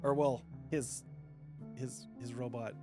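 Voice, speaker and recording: Man, game master, casual rambling chat, mid pitch, clear music behind. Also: fairly even intonation, slow pace. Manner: rambling, many restarts, laughs often. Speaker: dungeon master. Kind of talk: casual chat during a livestreamed game break. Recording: background music under the voice.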